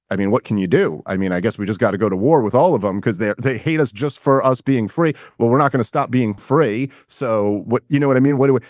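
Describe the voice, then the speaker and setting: Telling a story as a guest in a casual podcast interview, this New York City man retells it animatedly, imitating those he quotes and quoting himself too in quick asides. The sound of his mid-range voice is studio quality, with no echo.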